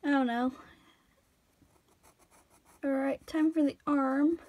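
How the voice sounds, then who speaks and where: Tired high-voiced young woman, cartoony. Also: fairly even intonation, slow, narrow, tinny audio. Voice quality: cartoony put-on voice. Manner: rambling, self-deprecating, stammering restarts. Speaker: drawing tutorial vlogger. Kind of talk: casual drawing commentary.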